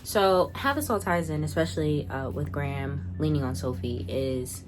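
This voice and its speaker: A young adult woman chatting casually as a video reviewer, animated and sassy in her asides. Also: low voice, normal speed.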